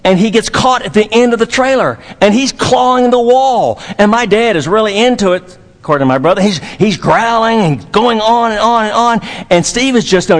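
A man's voice: high voice, moderate pace, hardly any pauses, in a large hall. A man from Dallas, Texas, preaching a sermon as pastor, emphatic and repetitive, with folksy humor.

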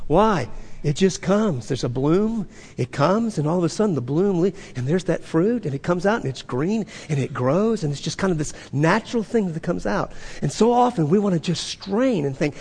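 A man's voice: high voice, animated, moderate pace, darkish tone, breathy edge. A man preaching a sermon as pastor, talking conversationally with sudden emphatic bursts, recorded in a church sanctuary. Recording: long reverb of a large hall.

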